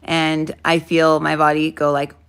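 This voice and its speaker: A woman with a low, gravelly voice talks through an intuition lesson in a loose, casual way. She rambles, restarts her sentences and fills the gaps with "um" and "like". She sounds like someone in her thirties explaining things off the cuff. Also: completely flat delivery, measured pace, a bit bright. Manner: rambling, self-interrupting, many fillers. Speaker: intuition teacher. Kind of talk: casual spoken lesson to camera.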